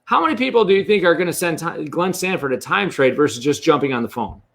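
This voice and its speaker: A man with a fairly high voice, speaking bluntly and swearing freely. He talks as a coach giving straight answers in a candid interview. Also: expressive, fast talker, vocal fry. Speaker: real estate coach, guest.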